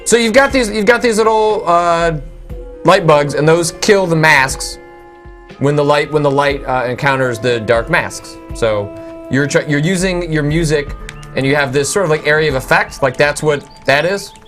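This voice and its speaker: A man casually commenting on a game he plays, halting and full of "uh" and "um". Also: a little high, fairly bright tone. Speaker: video game show co-host. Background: game music.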